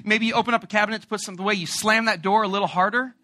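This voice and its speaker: Bright, animated male preacher. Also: high voice, very fast. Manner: animated, joking storyteller. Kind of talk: sermon.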